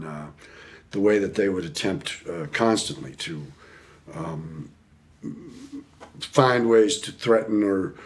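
Profane, animated male storyteller. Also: low voice. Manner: profane animated storyteller, acts out quotes, laughs often. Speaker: podcast guest. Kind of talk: storytelling interview.

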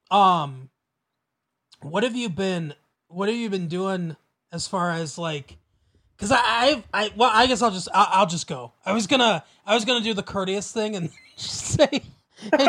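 A young man co-hosting a podcast, chatting casually in a rambling way, with quick laughs and many restarts. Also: high-pitched, fairly bright tone. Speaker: podcast co-host. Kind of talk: casual chat.

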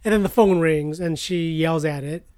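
Woman, lower voice, dry close sound, methodical casual plot retelling. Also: normal speed, darkish tone, dry recording. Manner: walks through plot step by step, hedging. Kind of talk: casual movie recap chat.

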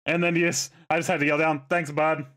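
A man's voice: fairly high pitch, level tone, fast talker, a bit bright. A man chatting casually as a contestant, telling rambling stories and swearing freely. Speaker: contestant pitching products. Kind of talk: casual comedic chat.

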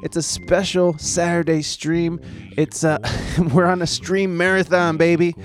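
A man's voice: on the high side, level tone, measured pace, faint music behind. A man hosting a podcast and live stream, talking casually in a rambling, self-interrupting, jokey way with some swearing. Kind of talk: casual chat.

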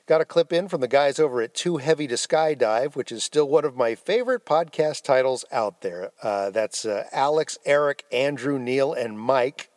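A man hosting a podcast, his voice rising and falling in a lively way. He introduces clips and adds wry asides. The sound is dry and close. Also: mid-range voice, moderate pace, few pauses, dry recording. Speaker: podcast host. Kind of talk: podcast segment narration.

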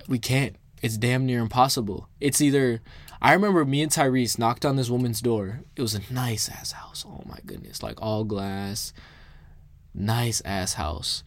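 A young man from Minnesota casually telling a story to the camera, animated and swearing freely, with lots of fillers. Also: medium pitch, no room sound.

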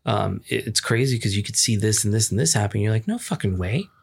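A man's voice: fairly low pitch, fairly even intonation, fast talker, creaky, breathy edge. A young man co-hosting a podcast, riffing casually, swearing freely and spinning hypothetical scenarios. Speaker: podcast co-host. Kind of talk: casual chat.

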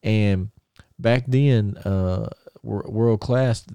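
A man hosting a podcast, telling stories in casual chat with excited, rambling restarts. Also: on the low side, drawn-out words, gravelly, clean tone, no room sound. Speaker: podcast host.

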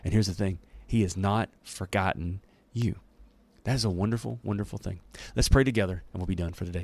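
A man's voice: sits low, a little fast, gravelly, a little mellow. A man leading a daily Bible-reading devotional in an enthusiastic, conversational way, with casual asides and laughs. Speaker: Bible teacher.

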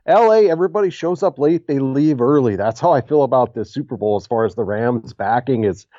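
A man co-hosting a sports podcast, relaxed and joking as he gives his takes. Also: mid-range voice, a little fast, no echo. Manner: laid-back, joking. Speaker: podcast co-host. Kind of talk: casual sports chat. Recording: slightly dull, lo-fi mic.

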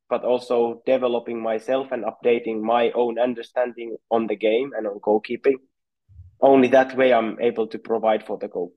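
In a podcast interview, a Finnish goalkeeping coach, a native Finnish speaker, answers questions thoughtfully, often repeating words while he searches for phrasing. His voice is medium-pitched and the sound is lo-fi.

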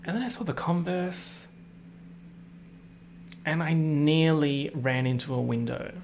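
A man's voice: fairly high pitch, takes it slowly, darkish tone, slight background noise. A young man with an Australian accent giving a chatty, ranting commentary on pop culture, prone to dramatic exaggeration. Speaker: podcast host.

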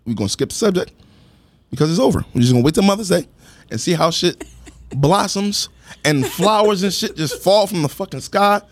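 A man with a rather high voice whose pitch jumps all over as he rants. He is a podcast co-host in a heated, profane, theatrical back-and-forth. His voice is close and dry, with no room sound. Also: brisk, no room sound. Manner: animated, profane, dramatic, keeps getting cut off. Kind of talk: casual argumentative chat.

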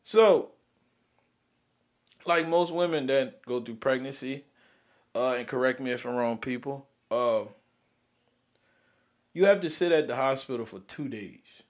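A young man, hosting and venting about grief in a raw, profane way, swinging from loud outbursts to near-whispers. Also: medium pitch, unhurried, long pauses. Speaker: podcast host. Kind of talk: emotional personal venting.

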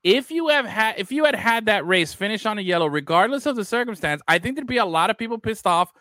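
High bright-voiced guy hosting a podcast, all over the place pitch-wise, swears a lot, dry close sound. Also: fast talker, no room sound. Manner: animated, swearing, restarts a lot. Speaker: podcast host. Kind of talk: casual podcast chat.

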